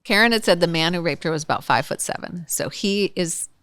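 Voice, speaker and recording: A woman hosting a podcast, a former prosecutor telling courtroom stories in a loose, animated way, with frequent laughs and "right?" asides. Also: on the low side, fairly quick, no room sound. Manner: animated, laughs often, acts out courtroom quotes; talks in restarts and asides, tags lines with "right?". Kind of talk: casual storytelling conversation.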